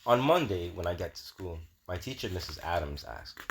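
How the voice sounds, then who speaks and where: A man reading a children's picture book aloud, slow, steady and gentle. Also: low voice, slight background noise. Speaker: storybook reader.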